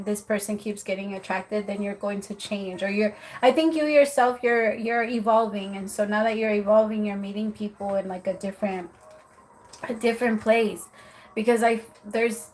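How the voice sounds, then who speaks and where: A woman's voice: mid-range voice, fairly even intonation, moderate pace, low-quality recording. A woman giving tarot readings on a live stream, chatty and apologetic, laughing often. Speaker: tarot reader.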